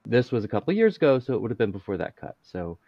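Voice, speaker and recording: Low-voiced male host, dull dry sound. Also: very animated, very fast, vocal fry, no room sound. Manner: rambling, many fillers, chuckles often. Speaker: podcast host. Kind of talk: casual interview chat.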